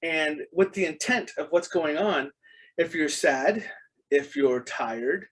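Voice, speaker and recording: A man's voice: on the high side, slow, fairly bright tone, rough recording. A middle-aged man as a podcast guest, speaking in casual interview chat, an earnest storyteller full of ums and restarts.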